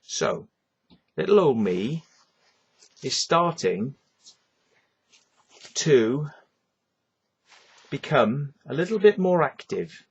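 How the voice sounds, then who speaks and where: A man's voice: on the high side, big pitch swings, takes it slowly, creaky, pauses often, slightly rough, lo-fi sound. A man, ranting at the camera in an agitated, repetitive monologue that is full of swearing, tagging his lines with "right?". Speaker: vlogger.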